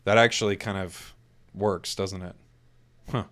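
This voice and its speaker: A man's voice: deep voice, steady tone, fairly bright tone. A man casting an esports tournament, joking with his stream chat in mock outrage during a break, stammering and restarting. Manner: stammering restarts, quick laughs.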